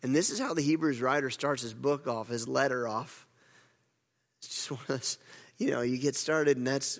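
A man's voice: mid-range voice, normal speed. A man preaching a sermon as pastor, earnest, often repeating words and restarting phrases. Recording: long hall reverb.

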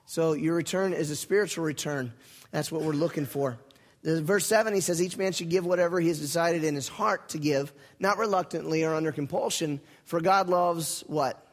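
A middle-aged man preaching a sermon as pastor, folksy and lively, with asides and repeated phrases. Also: on the high side, moderate pace, long reverb tail. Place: church sanctuary.

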